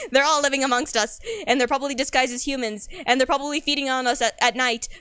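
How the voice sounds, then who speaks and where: High-voiced rambling young woman streamer. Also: fairly even intonation, fast talker, a bit bright, smooth, dry recording, clean studio sound. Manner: rambling, playful, laughs often. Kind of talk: casual chat.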